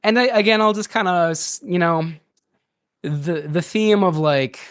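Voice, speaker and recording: A man's voice: high-pitched, a little slow, fairly bright tone, clear, resonant tone, dry recording. A man co-hosting a podcast, chatting casually about a movie, laughing often and talking through lots of fillers and restarts. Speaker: podcast co-host. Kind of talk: casual movie review chat.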